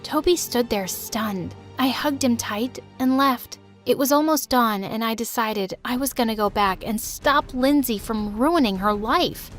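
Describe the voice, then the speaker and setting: High-voiced woman narrating an animated drama. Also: measured pace, hardly any pauses, soft background music. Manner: dramatic, emotional storytelling. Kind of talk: first-person story narration.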